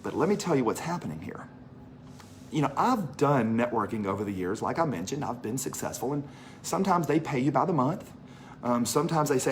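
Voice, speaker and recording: A man's voice: medium pitch, brisk, slight background noise. A man from Mississippi with a Southern accent, presenting a business opportunity to an audience in a chatty, storytelling way and repeating phrases for emphasis. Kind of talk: animated sales pitch to a live audience.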